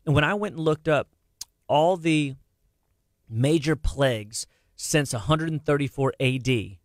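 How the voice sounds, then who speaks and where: A middle-aged man holds forth on a radio health show. He is lively and quick, full of restarts and repeated words. His voice sits a little high for a man and sounds close and dry at the microphone. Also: no room sound. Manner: animated, talks fast with many restarts and repeated words. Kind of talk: casual radio health talk.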